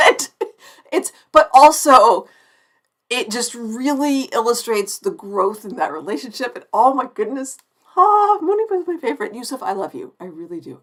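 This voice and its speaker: A woman's voice: on the high side, sing-song, moderate pace, a bit bright. Gushing chatty woman around forty. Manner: effusive, chatty, restarts sentences often. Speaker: TV review streamer. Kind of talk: live-stream review chat.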